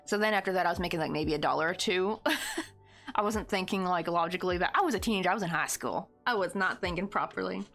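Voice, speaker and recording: Chatty woman rambling over soft music. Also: on the low side, fast talker, gravelly. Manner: rambling and chatty, many fillers, laughs easily. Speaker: crochet livestream host. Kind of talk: casual livestream chat while crocheting.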